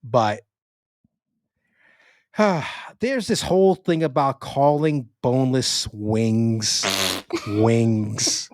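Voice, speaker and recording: A man co-hosting a casual sports podcast with a New York accent, talking in an animated way with frequent swearing and restarts. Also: mid-range voice, extremely slow, long pauses, dry recording, studio quality. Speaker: podcast co-host.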